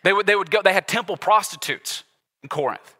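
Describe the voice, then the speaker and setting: A man preaching a sermon, walking the congregation through a passage in an animated, conversational way with sudden loud bursts. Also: high voice, brisk. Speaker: pastor. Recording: long hall reverb.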